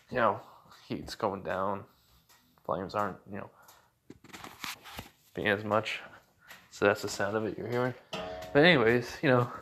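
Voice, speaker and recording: Male storyteller, casual and rambling, mid-pitched voice. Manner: rambling, many fillers and restarts. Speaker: fan storyteller.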